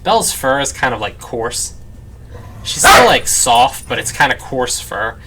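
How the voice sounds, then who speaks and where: A let's play host chats through his gameplay at his parents' home, rambling and saying "like" constantly while dogs bark nearby. His medium-pitched voice swings widely in pitch at an unhurried pace, with heavy background noise.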